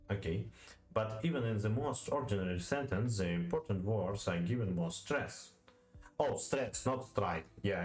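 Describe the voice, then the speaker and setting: A man with a Russian accent, his voice low and unhurried, works through poetry notes aloud in a halting way. He stops often and says words over several times to get them right. The room is echoey, with faint music behind him. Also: a little mellow. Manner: halting, many fillers, repeats words to practice pronunciation. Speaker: language learner studying poetry. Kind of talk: reading aloud and thinking aloud while studying.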